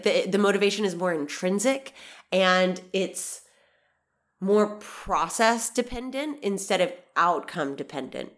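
A woman's voice: mid-range voice, a bit bright. A woman in her thirties hosting a podcast in a casual monologue, bubbly and chatty, with a stuffy, nasal voice from allergies. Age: 30s. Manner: bubbly, chatty, swears casually, laughs often. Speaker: podcast host.

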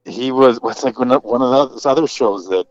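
A man's voice: medium pitch, a little fast, no room sound, highs cut off. A man co-hosting a podcast in laid-back casual chat. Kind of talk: casual chat about TV shows.

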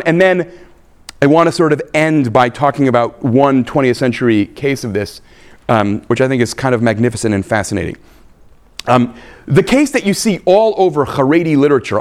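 A man, a rabbi giving a live lecture, emphatic and animated, checking in with his listeners with frequent "right?" and "okay?". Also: medium pitch.

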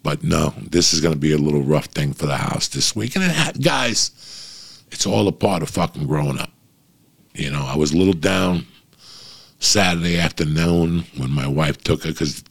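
A man's voice: very deep voice, fairly bright tone. A middle-aged man talking casually to his listeners in a blunt, profane, rambling monologue.

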